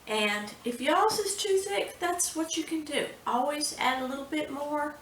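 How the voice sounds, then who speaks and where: A chatty, unhurried woman with a drawl teaches a home baking lesson, calling her viewers "y'all." Her fairly high, slightly bright voice bounces off the bare kitchen walls, picked up by a mic set a few steps back. Dishes clatter faintly in the background, and there's a little hiss or hum.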